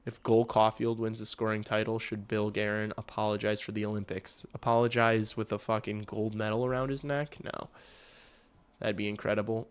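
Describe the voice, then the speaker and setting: A man hosting a hockey livestream, calling the game in casual play-by-play and getting loud and excited on big chances, with some swearing. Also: fairly low pitch, a little fast, clear, resonant tone. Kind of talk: casual live play-by-play commentary.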